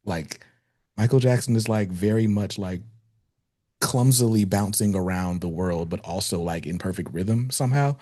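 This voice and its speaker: Deep, husky-voiced man hosting a podcast. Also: moderate pace, warm tone, no echo, studio quality. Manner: easygoing, asks open questions, many "like" fillers. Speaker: podcast host. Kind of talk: casual interview chat.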